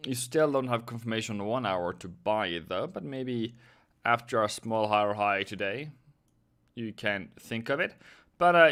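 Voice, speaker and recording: A man's voice: lowish voice, fairly bright tone, clear, resonant tone. Chatty man streaming live trades. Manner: chatty, rambling, talks to viewers by name. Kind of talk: casual live-stream commentary.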